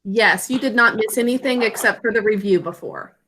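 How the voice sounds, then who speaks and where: A woman's voice: fairly high pitch, brisk, sharp tone, a little hiss or hum. A woman teacher giving a spelling lesson to children over a video call, patiently sounding out words and syllables.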